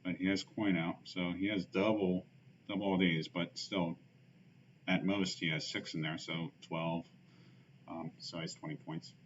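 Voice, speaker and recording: A man's voice: low-pitched, little pitch movement, unhurried. A man streaming a card game, thinking aloud in casual commentary with lots of fillers and muttered asides. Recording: dull lo-fi stream audio with faint hiss.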